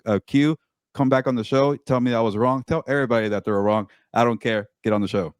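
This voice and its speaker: Emphatic man with a mid-pitched voice. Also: quick pace, clean tone, no echo, studio quality. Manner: emphatic, repeats words, animated. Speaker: sports podcast co-host and columnist. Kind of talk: casual sports talk.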